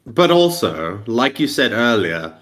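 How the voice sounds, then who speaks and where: A man's voice: medium pitch, big pitch swings, takes it slowly, fairly bright tone. A man co-hosting a podcast in casual chat, explaining his points insistently. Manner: lecturing, insistent, stating facts. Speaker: podcast co-host.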